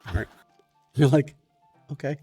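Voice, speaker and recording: This is a male game master narrating a tabletop role-playing session, describing the scene piece by piece and often pausing and restarting. His voice is mellow and dark at a middle pitch, with faint music underneath.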